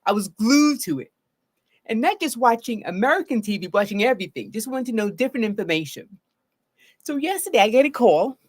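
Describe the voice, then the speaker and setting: A woman therapist from Baltimore, speaking live to her viewers in an expressive way and acting out her own reactions as she talks. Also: on the high side, a little fast. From Baltimore, Maryland. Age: adult with a grown daughter.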